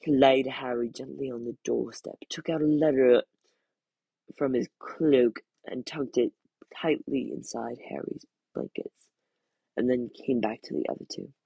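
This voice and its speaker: Casual male podcast reader, steady storybook reading with a gravelly, husky tone. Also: mid-range voice, unhurried, no room sound, lo-fi sound. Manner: steady, plain reading with small slips and restarts. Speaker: podcast host reading a book aloud. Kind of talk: reading a novel aloud and reviewing it.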